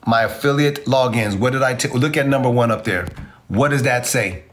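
A man's voice: mid-range voice, normal speed, fairly bright tone, a little hiss or hum. A man teaching online marketing in a casual livestream, brash and profane, talking to his viewers with swagger. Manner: addresses viewers as y'all.

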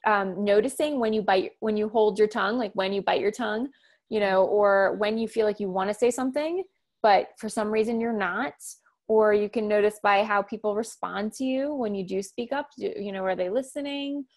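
A woman in her thirties, a communication coach talking as a podcast guest, loud, direct and fast-talking. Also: medium pitch. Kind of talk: conversational podcast interview.

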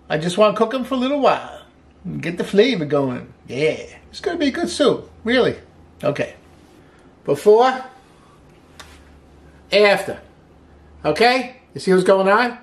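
A man's voice: high voice, fairly bright tone. A middle-aged man hosting a cooking show as a chef, chatty and upbeat, walking through a recipe step by step with frequent exclamations. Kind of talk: casual cooking demonstration.

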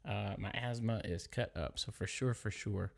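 A man's voice: on the low side, normal speed, vocal fry. A man from Louisiana with a Southern accent, chatting casually on a livestream and reading viewer comments aloud. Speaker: livestream gospel singer.

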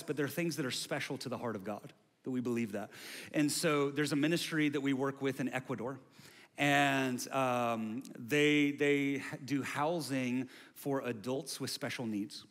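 A man's voice: a little high, a little hiss or hum. Preaching man in a reverberant hall. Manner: building to loud repetitive refrains. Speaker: pastor. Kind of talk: sermon.

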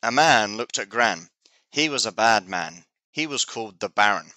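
A man teaching English, reading a children's story aloud slowly and clearly. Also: fairly low pitch, lively intonation, bright, forceful tone, no echo. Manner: slow, clear, deliberate reading.

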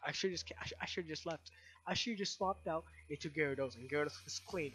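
A young man commentating his own video game playthrough with loud, exasperated outbursts and slangy talk. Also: on the high side, quick pace, husky, dry recording, faint music behind. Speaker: let's play host. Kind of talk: gaming commentary.

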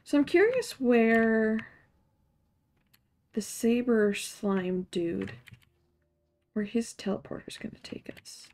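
A woman's voice: on the high side, expressive, slow pace, long pauses, a little mellow, slight background noise. A woman streamer giving casual, rambling gameplay commentary with a chatty, self-mocking way of talking.

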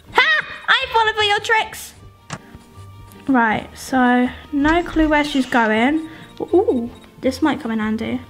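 A woman, a gaming YouTuber, chatting excitedly with viewers as she plays through a game, often talking to the game itself. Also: high voice. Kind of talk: let's-play commentary.

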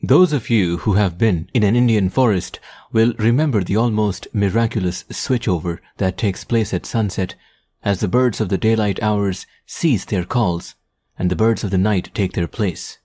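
A man narrating an adventure audiobook in a measured, descriptive storytelling manner. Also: on the low side, mellow. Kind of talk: scripted narration.

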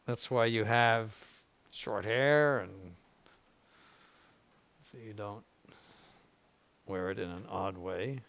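A man's voice: fairly low pitch, slow pace, vocal fry, long pauses, a bit bright. An older man, a bishop, giving an informal spiritual conference in a blunt, conversational way with frequent asides.

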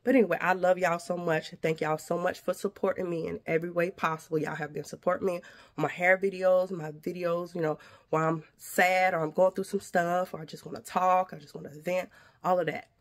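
A woman vlogger vents straight to her viewers, sharp and indignant. Her voice carries a gravelly, creaky edge. Retainers give her speech a slight lisp. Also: lowish voice, flat delivery, fairly quick. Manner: indignant, addresses viewers directly. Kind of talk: venting to camera.

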